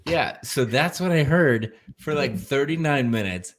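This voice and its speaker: A man's voice: medium pitch, lively intonation, unhurried. Laid-back man in his thirties chatting. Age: 30s. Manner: laughing often, storytelling with restarts. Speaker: show co-host. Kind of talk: casual chat.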